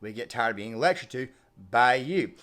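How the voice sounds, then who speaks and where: A man's voice: medium pitch, lively intonation, normal speed, fairly bright tone. A man hosting an online video, giving heated, opinionated commentary on sports and politics. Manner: ranting, emphatic.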